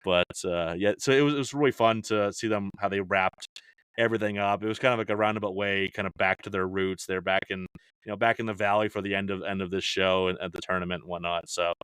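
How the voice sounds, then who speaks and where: A man's voice: low-pitched, fairly even intonation, fast, fairly bright tone, clear, resonant tone, no echo. A middle-aged man chatting casually as a podcast guest, rambling with many "you know"s and restarts. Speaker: podcast guest, fantasy baseball analyst.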